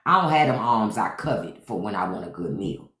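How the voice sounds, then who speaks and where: A man's voice: on the low side, brisk, roomy sound. A man from Washington, D.C., a podcast host, riffing and swearing freely in casual livestream chat. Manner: animated, profane riffing.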